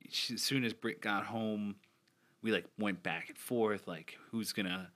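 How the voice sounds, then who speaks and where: A man's voice: fairly low pitch, fairly even intonation, unhurried, bright, forceful tone. A young man chatting casually as a podcast co-host, upbeat and eager, stumbling over restarts. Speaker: podcast co-host, new father. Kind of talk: casual chat.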